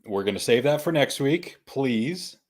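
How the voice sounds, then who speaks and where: A man's voice: medium pitch, lively intonation, measured pace. Joking male podcast host. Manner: joking, laughs often, repeats himself. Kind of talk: casual chat.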